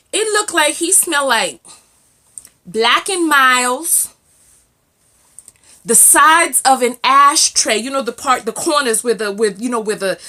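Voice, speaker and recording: A woman from the United States giving sassy, animated reaction commentary as a relationship vlogger. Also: on the high side. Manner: sassy, animated, exclaiming and questioning.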